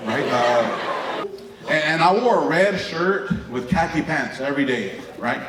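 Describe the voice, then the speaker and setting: Lively male stand-up, roomy auditorium sound, crowd in the background. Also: medium pitch, measured pace, long pauses, heavy background noise. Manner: animated, lively storyteller with frequent tag questions. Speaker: comedian. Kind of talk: stand-up comedy storytelling. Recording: echoey hall from far off with crowd.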